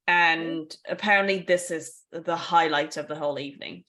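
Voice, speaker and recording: A woman co-hosting a relaxed conversational podcast, her voice sitting a little low. She explains things in a chatty, easygoing way, adding asides and light laughs as she goes. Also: moderate pace, hardly any pauses. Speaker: podcast co-host.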